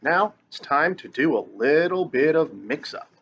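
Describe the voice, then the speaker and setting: In this online children's lesson, filmed in a classroom or at home, a music teacher chants note syllables to help grade schoolers read rhythms and encourages them along. His voice is fairly high, animated and unhurried, with slight background noise on a dull lo-fi recording.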